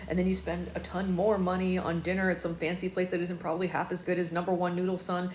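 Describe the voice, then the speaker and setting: A woman's voice: on the low side, a little mellow, reverberant, slight background noise, natural voice. Woman reading as a laid-back teenage boy. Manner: casual, shrugging.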